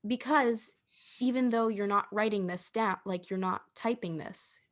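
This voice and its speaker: A woman's voice: mid-range voice, a little slow. A young woman co-hosting a casual comedic podcast, dry and teasing as she gives advice. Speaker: podcast co-host.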